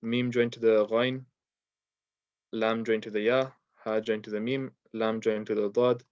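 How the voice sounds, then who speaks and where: A man with a lowish, clean-toned voice teaches Quran recitation rules online at a measured pace, relaxed and um-heavy, modelling each sound himself. There's no room sound, and the recording is dull, lo-fi, and dry.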